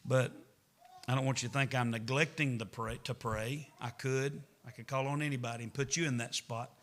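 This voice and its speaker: A man's voice: mid-range voice, steady tone, fairly quick, a bit bright. A middle-aged man, a pastor preaching a Wednesday night sermon in a church, folksy and conversational, rising to emphatic preaching. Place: church sanctuary.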